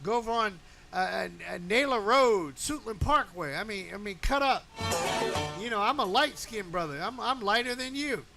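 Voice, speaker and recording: Radio morning host, male, very high voice, animated riffs, loud music bed behind. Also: normal speed, creaky. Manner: animated, riffing, chanting and shouting in bursts. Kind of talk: loose on-air banter and ranting. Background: music playing.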